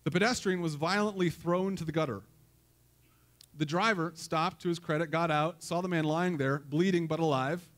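A man with a fairly high speaking voice preaches to his congregation. He keeps the sermon chatty and light, telling stories, cracking jokes and tossing questions out to the people in the pews. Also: moderate pace, a bit bright. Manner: conversational, joking storyteller who asks the congregation questions. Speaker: pastor.

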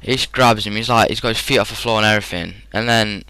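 A teenage man with a British English accent rambles through a casual gaming commentary. His slightly low voice sounds bright and clean. The recording is dry and close, with no room echo. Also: quick pace, smooth. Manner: rambling, chatty, frequent fillers and laughs. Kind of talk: casual storytelling over gameplay.

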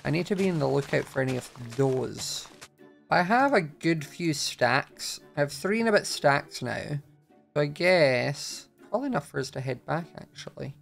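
Excitable man narrating his gameplay. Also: a little high, creaky. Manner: chatty and excitable, laughs often. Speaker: Minecraft video creator. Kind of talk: casual gameplay commentary.

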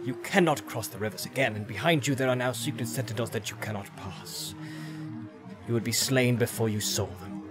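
Brief: a man doing a grave elf warden for an audio drama. Measured and formal, mid-pitched, with music beneath. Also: close to an everyday voice. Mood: solemn. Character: stern, dignified male elf guardian. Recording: background music.

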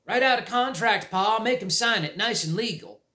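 A man's voice: high-pitched, normal speed, a bit bright, voice pushed up. A man voicing a mean, snickering teenage farm boy with a country drawl. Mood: mocking. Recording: roomy echo.

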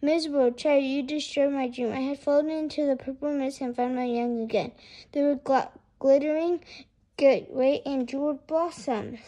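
A woman's voice: high voice, fairly even intonation, normal speed, warm tone, natural voice. A woman voicing a drowsy, grumpy old man who was woken from his dream. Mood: grumpy, dreamy.

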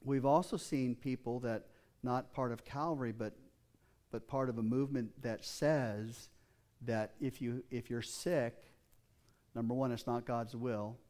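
A man's voice: mid-range voice, steady tone, measured pace, darkish tone. An older man preaching a sermon as pastor, telling personal stories earnestly with frequent restarts.

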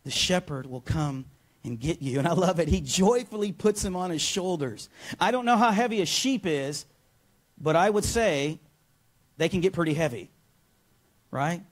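A man preaching a sermon as pastor in a church, energetic and often calling out to the congregation for a response. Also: a little high, moderate pace. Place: church sanctuary.

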